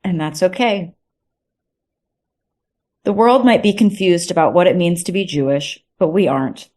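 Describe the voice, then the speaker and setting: A woman with a slightly low voice reads an essay passage softly and tenderly. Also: moderate pace.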